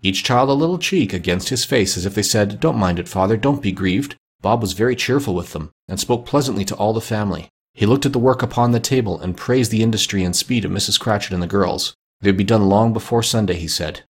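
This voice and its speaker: Male audiobook narrator with a measured, expressive read; low, husky and gravelly. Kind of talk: audiobook reading of classic fiction.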